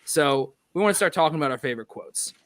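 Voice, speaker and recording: A man's voice: on the high side, animated, fast, a bit bright, no room sound. A man hosting a casual group podcast about a movie, talkative and leading the conversation with frequent restarts. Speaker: podcast host.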